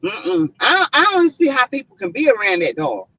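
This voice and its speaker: A woman's voice: fairly high pitch, huge pitch swings, normal speed, bright, forceful tone, breathy edge. A woman with a Southern US accent hosting a casual live stream, chatty and full of "mm-mm" and "y'all" asides to her viewers. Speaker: livestream host. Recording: slightly muffled lo-fi stream audio.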